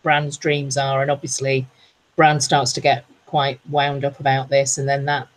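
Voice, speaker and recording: Woman, book-chat co-host, low voice, explains at length while thinking aloud. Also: level tone, normal speed. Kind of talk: casual book discussion.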